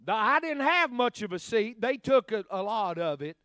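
A folksy preacher tells a story from the pulpit, his voice very high and smooth. He swings between loud bursts and hushed asides. The sound is dry and close, with no room echo. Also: sing-song, normal speed. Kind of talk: storytelling sermon.

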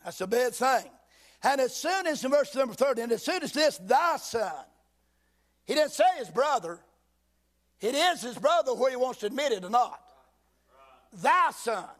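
A man pastor preaching a sermon, reading King James scripture slowly and breaking in with folksy asides, at times shouting for emphasis. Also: extremely high pitch, expressive. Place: church sanctuary.

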